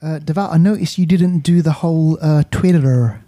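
A man's voice: on the high side, steady tone, brisk, mellow. A man co-hosting a film podcast in casual chat, with dry, teasing banter. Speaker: podcast co-host. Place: London.

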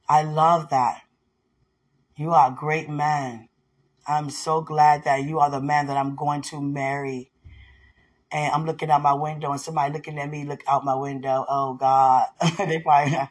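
At home by a window, a vlogger talks lovingly and devotionally to his fiancé, rambling casually and laughing often. His voice is a little high and slightly rough.

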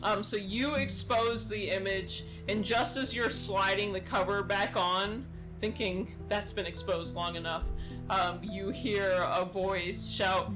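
A woman narrating as game master in a tabletop game, relaxed and filling her speech with ums. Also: medium pitch, slow, music in the background. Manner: relaxed, with many fillers and laughs.

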